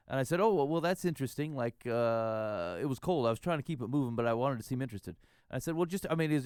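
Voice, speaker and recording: A man's voice: mid-range voice, no room sound. Rambling storytelling man, dry close mic. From Iowa. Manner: rambling, self-deprecating tall tale. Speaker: podcast host. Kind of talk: casual storytelling chat.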